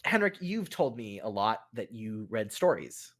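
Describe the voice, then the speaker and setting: A man's voice: on the low side, sing-song, unhurried. A man narrating a tabletop role-playing game as game master, casual and rambling, with many fillers and restarts.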